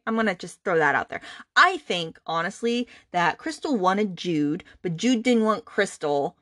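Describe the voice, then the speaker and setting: A woman's voice: fairly low pitch, very animated, unhurried, fairly bright tone, no echo, studio quality. A woman hosting a book podcast, recapping a romance novel in a chatty, indignant way full of fillers. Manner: chatty, many "like"s, indignant asides.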